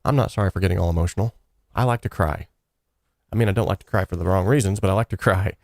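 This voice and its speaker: A man's voice: low voice, quick pace, gravelly, darkish tone, no echo, clean studio sound. A man hosting a casual livestream, talking in an earnest, encouraging way and rambling loosely with frequent fillers. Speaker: livestream host of a song contest.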